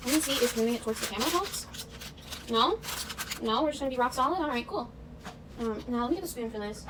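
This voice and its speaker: Fast-chatting young woman in a kitchen. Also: a little high, expressive. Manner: chatty, self-mocking, breaks into snatches of show tunes. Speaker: vlogger. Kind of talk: casual baking vlog chat. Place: home kitchen. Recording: distant camera mic with noise.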